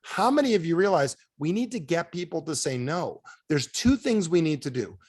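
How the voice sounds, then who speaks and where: A man running a sales training over a video call, animated, firing questions at his audience and acting out quotes in a higher voice. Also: moderate pace, breathy edge. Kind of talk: energetic coaching talk.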